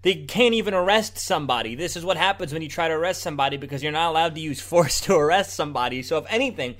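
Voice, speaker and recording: A man's voice: a little high, expressive, fast talker, fairly bright tone. A man hosting a political commentary show, arguing in a sarcastic, combative way and now and then mocking the other side in a put-on voice. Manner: argumentative, sarcastic, mocking mimicry of opponents. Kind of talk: opinion commentary over video clips.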